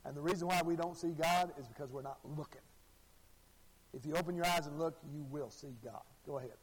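A man's voice: fairly high pitch, fairly quick, husky. A man from Arkansas, preaching a sermon in a folksy storytelling way and repeating his phrases. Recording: long hall reverb.

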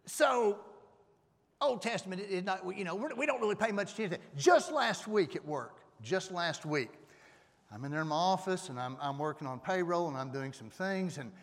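Male preacher, fairly high voice, casual sermon to the congregation, stage mic in an echoing hall. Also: animated, normal speed. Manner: conversational, asks the audience questions. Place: church hall. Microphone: stage microphone. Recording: long reverb of a hall.

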